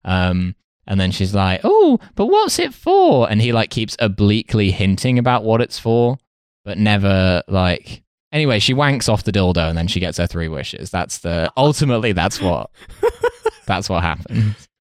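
Low-voiced man rambling through a comedy podcast. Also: expressive, normal speed, clear, resonant tone, no room sound, clean studio sound. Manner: rambling, laughing, many fillers and restarts. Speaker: podcast co-host. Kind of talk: casual comedic chat.

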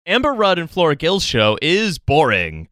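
A man on a comedy podcast, talking in a sarcastic, sweary, riffing way. His voice is bright and sits a little high. The sound is dry and close. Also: huge pitch swings, moderate pace, clear, resonant tone, dry recording. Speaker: podcast co-host. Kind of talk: casual comedic chat.

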